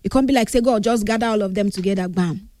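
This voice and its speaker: A woman's voice: medium pitch, quick pace, warm tone, no room sound, studio quality. Grieving Nigerian woman, earnest tribute. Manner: earnest, mixes English with Pidgin. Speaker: grieving friend giving a tribute. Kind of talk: emotional spoken tribute.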